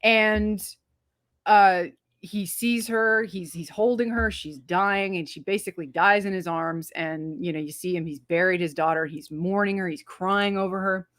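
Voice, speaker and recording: A woman co-hosting a casual movie review, talking in an animated, emphatic and profane way, acting out scenes as she retells them. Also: medium pitch, measured pace, no room sound, studio quality. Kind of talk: casual spoiler-filled movie review chat.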